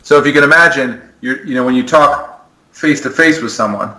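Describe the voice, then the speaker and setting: A man's voice: mid-range voice, brisk, bright, forceful tone, low-quality recording. A man, a sport psychologist, earnestly explaining ideas in a podcast interview, often restarting his sentences. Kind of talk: conversational explanation.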